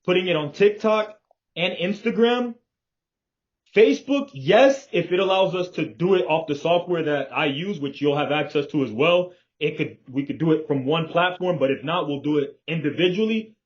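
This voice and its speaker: A man's voice: fairly high pitch, normal speed. A man in casual planning talk with a business partner, confident and emphatic and swearing freely, heard over a video call. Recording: dull lo-fi call audio.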